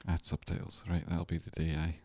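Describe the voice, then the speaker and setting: A man's voice: sits low, flat delivery, normal speed, gravelly, darkish tone, no echo. A man with a Scottish accent, mumbling and muttering to himself as he chats casually on a live stream. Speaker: livestreamer and stock chart analyst.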